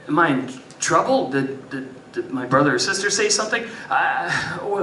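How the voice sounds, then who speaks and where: A male stand-up comedian tells stories on a live music venue stage, animated and swinging between loud bursts and muttered asides. His fairly high voice moves at normal speed with hardly any pauses, picked up from a distance with roomy club sound. Audience laughter fills the background.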